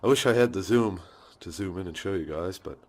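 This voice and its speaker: A deep-voiced man vlogs casually from his home garage, holding his phone camera in hand. He talks a little fast in a darkish tone, rambling along, swearing easily and chuckling often.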